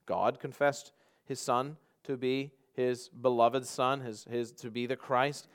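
Slow and smooth, with a medium pitch and fairly even intonation, this male pastor delivers an emphatic sermon. His volume swings from loud to quiet, and he frequently repeats words and starts them over.

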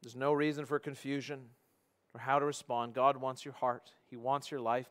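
A man preaching a sermon in an earnest tone, swinging between loud emphasis and quiet, hushed passages. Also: medium pitch, little pitch movement, normal speed. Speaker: pastor.

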